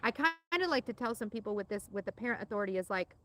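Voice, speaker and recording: A woman's voice: medium pitch, animated, quick pace, pushed and bright, slight background noise. A woman teaching an insurance exam-prep lesson in a chatty, casual way, with lots of fillers and repeated words.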